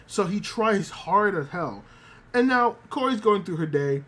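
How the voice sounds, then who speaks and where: A man's voice: sits high, moderate pace. A man casually recapping an anime on a livestream, acting out the characters' lines with lots of fillers. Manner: animated retelling, acts out quoted lines; many fillers, excited. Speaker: streamer.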